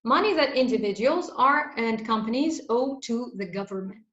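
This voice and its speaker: Woman teacher, clear explanatory delivery; roomy, lo-fi sound. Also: on the high side, animated, normal speed, a bit bright. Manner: clear, explanatory, gives translations. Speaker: English teacher. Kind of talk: vocabulary lesson. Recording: echoey room, dull lo-fi sound.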